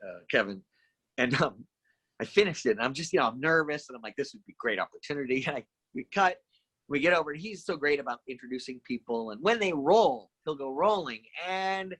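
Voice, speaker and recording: Bright-voiced middle-aged man telling stories. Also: mid-range voice, dry recording. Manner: animated anecdotes with lively acted-out quotes. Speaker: guest actor. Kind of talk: casual podcast storytelling.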